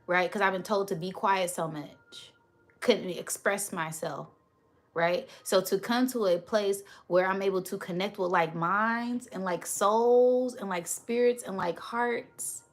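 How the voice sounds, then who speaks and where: A woman's voice: medium pitch, slow, fairly bright tone. A woman, a spiritual reader on a live stream who preaches affectionately and reads out viewers' comments.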